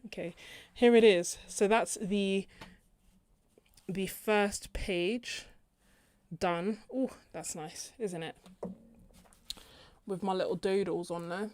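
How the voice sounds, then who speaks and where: A woman's voice: mid-range voice, a little mellow, no echo. A young British woman chatting casually on a live stream while she swatches paints, laughing often and thinking aloud. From Britain. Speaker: art channel host.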